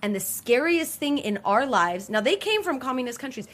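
A woman's voice: sits high, expressive, moderate pace, a bit bright. A woman in casual chat, talking animatedly with many fillers and restarts.

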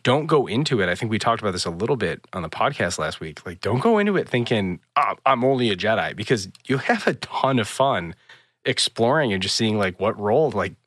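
A man's voice: lowish voice, fairly quick, breathy edge, dry recording, clean studio sound. A man on a podcast telling a story with energy and acting out bits of dialogue in a casual chat. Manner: animated storyteller, acts out dialogue. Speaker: podcast host.

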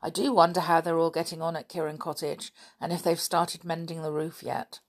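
Dick, a lively schoolboy, rattles off his lines quickly and a little bossily, in a lowish voice, as a woman reads him aloud in a storybook.

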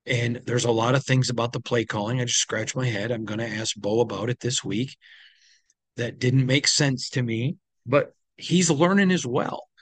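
His voice is medium-pitched and husky, delivered at normal speed with no room sound. The man is an insider hosting a sports team recap podcast, opinionated and conversational with plenty of ums, and clearly tired, yawning as he goes.

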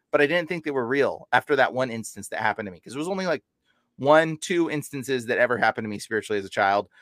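A young man as a podcast guest, telling an animated story and acting out quotes with sudden jumps in pitch. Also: dry recording. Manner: excitable, acts out quotes with big pitch jumps. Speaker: podcast guest, deliverance minister. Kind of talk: animated storytelling in casual chat.

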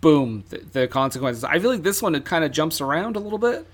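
A man's voice: a little high, big pitch swings, fast talker. A man co-hosting a casual film podcast, chatty and full of fillers. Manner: chatty, many fillers, laughs easily. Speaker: podcast co-host. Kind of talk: casual film review chat.

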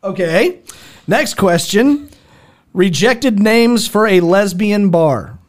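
A man's voice: high voice, animated, takes it slowly. A man hosting a casual comedy podcast, reading out prompts and laughing often. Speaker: podcast host.

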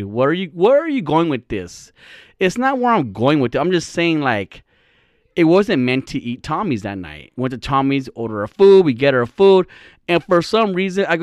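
A man's voice: fairly high pitch, very animated, moderate pace, dry recording, clean studio sound. A young man hosting a podcast, telling a rambling, profane, jokey story in casual comedic style. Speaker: podcast host.

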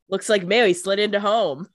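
A woman co-hosting a casual podcast, throwing in quick jokes and asides. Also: medium pitch, dry recording, clean studio sound. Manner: joking asides, quick quips. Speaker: podcast co-host. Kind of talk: casual chat.

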